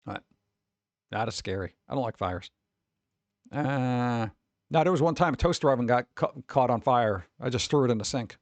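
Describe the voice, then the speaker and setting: A man streamer rambling casually to his live chat, his middle-pitched voice carrying a gravelly, fry-edged texture. He swears freely and talks straight to his viewers. The sound is dry and close, with no room echo.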